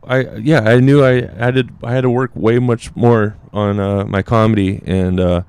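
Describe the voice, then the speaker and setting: A man's voice: fairly even intonation, moderate pace, a little mellow, smooth. A young adult man, a guest comedian, tells a story in casual chat, rambling with fillers and acting out quotes. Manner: rambling, many fillers, acts out quotes in a higher voice.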